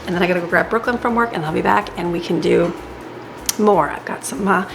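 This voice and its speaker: Mom rambling while she bakes, gravelly voice, noisy kitchen. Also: fairly low pitch, a little fast. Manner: rambling, laughs often, talks while cooking. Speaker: homemaker and mom baking at home. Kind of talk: casual chatty kitchen vlog. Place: home kitchen. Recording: noisy home kitchen recording.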